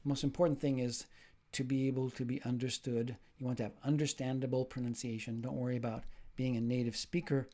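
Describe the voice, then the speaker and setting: A man's voice: mid-range voice, flat delivery, brisk, dark tone. A man teaching a recorded lecture, explaining ideas step by step and putting questions to the listener. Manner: demonstrates sounds and rhythm drills.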